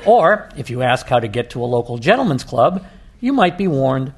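A man reads a comic story aloud in a dry, measured voice of middle pitch. He plays the jokes straight and lets the lines land. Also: very animated, slightly rough. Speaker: panelist reading a comic story. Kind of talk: scripted comic reading.

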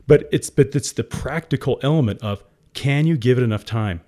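A man's voice: medium pitch, very animated, fast talker, hardly any pauses, a little mellow. Middle-aged man, interview guest, emotional and candid, laughs often. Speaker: entrepreneur guest.

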